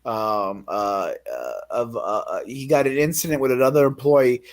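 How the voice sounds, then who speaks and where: A man's voice: mid-range voice, normal speed. A man in casual chat, telling a story in a profane, ranting way. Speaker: guest telling his story.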